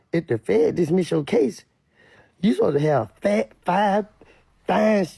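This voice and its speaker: A man giving casual street commentary to camera, animated and repetitive, sometimes mimicking others in a high voice. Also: vocal fry, husky, no echo.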